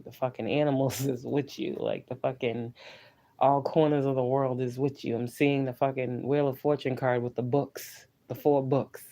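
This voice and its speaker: Man, tarot reader, mellow mid-pitched voice, casual and profane, chants lists. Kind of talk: casual spiritual pep talk.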